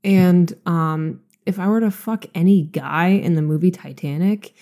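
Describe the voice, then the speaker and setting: A woman's voice: on the low side, unhurried, dark tone. A woman in her thirties with a slight lisp, co-hosting a casual podcast and talking bluntly with lots of swearing and filler words. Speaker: podcast co-host. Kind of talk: casual chat.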